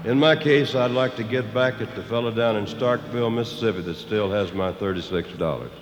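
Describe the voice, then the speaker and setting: A man's voice: lowish voice, fairly quick. A man singer telling a loose, joking story between songs on a concert stage inside a prison. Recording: live hall reverb with guitar music.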